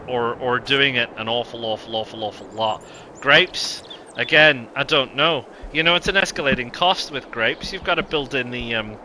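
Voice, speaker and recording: A man's voice: mid-range voice, bright, forceful tone, slight background noise, rough recording. A man giving casual, rambling gameplay commentary, with lots of ums and self-corrections. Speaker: gaming video host.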